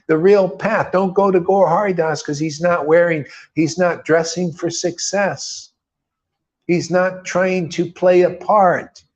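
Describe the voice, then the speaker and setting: A man's voice: sits high, muffled recording. A man preaching in a loose, informal way, fervent and rambling, peppering his talk with slang and mocking voices. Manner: mocks others in put-on quoted voices. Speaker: spiritual teacher.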